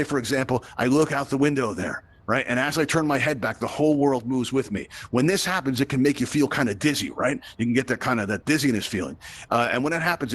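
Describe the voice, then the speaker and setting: A quick-talking man with a Brooklyn accent leads a live VR class, speaking into a headset mic. His delivery is upbeat and chatty, sprinkled with little "right?" check-ins. His pitch sits in an ordinary middle range. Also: breathy edge. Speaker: VR event host and instructor. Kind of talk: live tutorial to an audience. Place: virtual reality event space.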